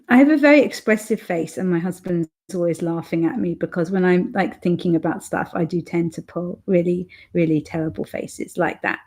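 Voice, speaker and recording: A woman's voice: lowish voice, a little mellow. A middle-aged woman, casually chatting on her live stream and reading out viewer comments, with lots of fillers. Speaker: author and livestream host.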